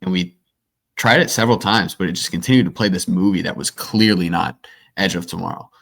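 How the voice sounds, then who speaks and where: A man co-hosting a movie podcast, telling an anecdote in a casual, animated way. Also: sits low, a little fast, gravelly. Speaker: podcast co-host. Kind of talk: casual storytelling chat.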